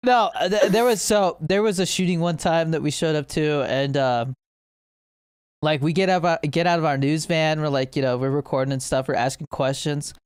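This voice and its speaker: A young man co-hosting a casual gaming podcast, telling animated stories, laughing often and acting out other players' lines. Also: on the high side, normal speed, clean tone, no echo, studio quality. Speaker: podcast co-host.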